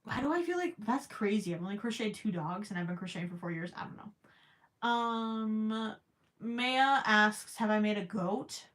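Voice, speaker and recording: A woman's voice: medium pitch, animated, moderate pace, a bit bright. A young woman casually chatting on a livestream while crocheting, reading viewer questions aloud and teasing herself. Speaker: livestream host.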